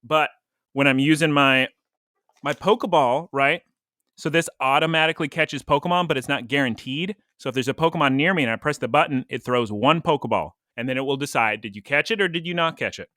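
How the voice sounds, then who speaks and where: Bright-voiced man chatting casually. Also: on the high side, a little fast, no room sound, studio quality. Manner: chatty, rambling, laughs often. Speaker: podcast co-host. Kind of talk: casual podcast chat.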